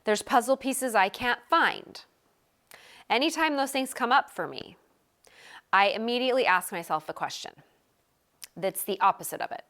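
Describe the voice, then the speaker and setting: A woman in her thirties coaching a group on a live video call, talking energetically in quick bursts and repeating phrases for emphasis. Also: fairly high pitch, expressive, a bit bright. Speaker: sales coach.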